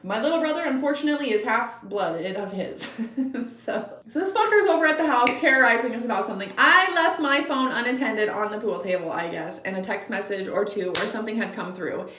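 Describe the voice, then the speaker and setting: A young woman vlogger telling a casual story, blunt and animated, swearing freely. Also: a little high, a little fast, echoey room, distant mic, a little hiss or hum.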